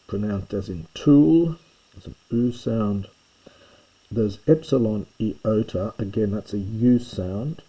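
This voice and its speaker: A man teaching Greek pronunciation in a recorded lesson. His voice is very dark and a little husky. He explains loosely, stops to correct himself and restarts his sentences. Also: on the low side, rough recording.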